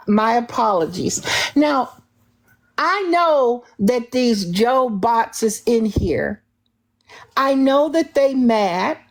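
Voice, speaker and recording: A woman with a fairly high voice runs a live-streamed call-in show, drawling slowly through sassy, confrontational lines. She circles back and repeats herself and stumbles over restarts. She talks about herself in the third person. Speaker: livestream host taking callers.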